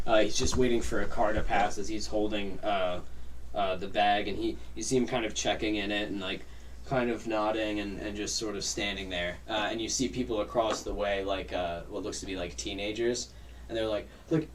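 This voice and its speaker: A man narrating as game master of a tabletop game, lively and full of character voices. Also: on the low side, a little fast, far from the mic, slight background noise. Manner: animated, jumps into character voices.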